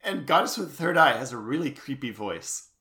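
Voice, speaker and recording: A man's voice: mid-range voice, animated, brisk, pushed and bright. Man, podcast co-host, casual chat, wry jokes. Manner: wry, joking asides.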